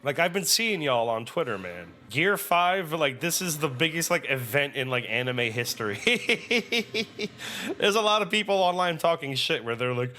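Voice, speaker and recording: Young male reaction host, bright forceful voice, excitable and sweary. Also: on the high side, moderate pace, slight background noise. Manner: excitable and profane, animated storytelling. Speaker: anime reaction video host. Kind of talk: casual reaction commentary.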